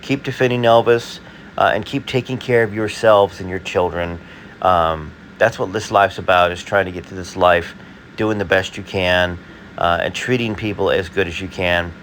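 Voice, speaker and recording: A man hosting his video and reading viewer comments in a casual, halting way, full of fillers and restarts; he sounds tired. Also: low voice, steady tone, fairly bright tone, a little hiss or hum.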